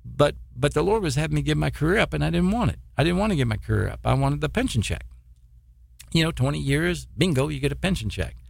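A man's voice: fairly high pitch, expressive, fast talker, creaky, no room sound, clean studio sound. A middle-aged man preaching a sermon in a folksy way, with stammering restarts and many repetitions. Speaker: preacher, former military missionary.

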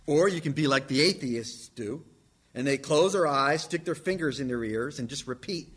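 Male pastor, high and lively voice, preaching with emphatic swings from loud to hushed. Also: normal speed, slightly rough. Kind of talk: sermon.

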